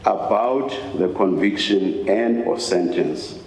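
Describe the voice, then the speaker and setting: A man questioning counsel from the bench in a courtroom, deliberately reading out quoted phrases and stressing them. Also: deep voice, a little mellow. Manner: slow, deliberate, reads quoted phrases with emphasis. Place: large courtroom. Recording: echoey court hall, faint hiss.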